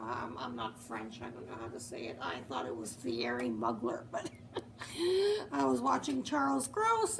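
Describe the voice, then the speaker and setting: A chatty woman vlogger talks to her viewers, her voice high and full of gravelly fry. She takes her time and laughs between thoughts, with faint noise behind her. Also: low-quality recording. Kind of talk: casual chat to camera.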